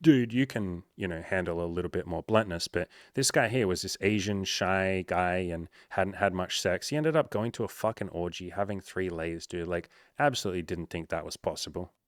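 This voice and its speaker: A man in his thirties giving blunt dating advice to a viewer, swearing freely and breaking into loud hyped-up bursts. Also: deep voice, normal speed, hardly any pauses, dry recording. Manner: swears often, loud bursts of hype, calls listener bro. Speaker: dating coach. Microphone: home microphone. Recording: dry close mic, some noise.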